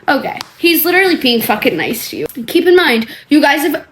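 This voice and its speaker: A woman's voice: high-pitched, animated, fairly quick, a bit bright, a little hiss or hum. A woman giving casual reaction commentary, exasperated and sarcastic with lots of swearing. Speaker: reaction video creator.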